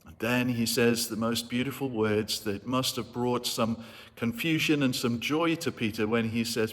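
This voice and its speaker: A man's voice: mid-range voice, steady tone, normal speed. Guy preaching a sermon, earnest and reflective, mid voice, lots of hall reverb. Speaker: vicar.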